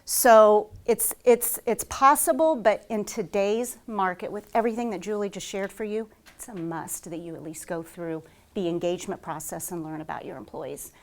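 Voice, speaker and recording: A woman HR consultant giving a conference talk to a live audience, telling stories at a rapid clip with frequent fillers. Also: mid-range voice. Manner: fast-paced, says she talks like an auctioneer; lively storytelling with frequent "um" fillers.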